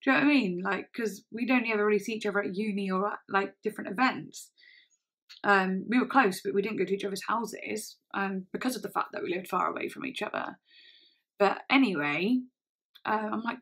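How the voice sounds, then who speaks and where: Brief: woman, 20s, vlogger, halting storytelling, lots of fillers. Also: medium pitch, a bit bright. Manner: halting, full of "like" and restarts. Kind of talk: casual storytelling.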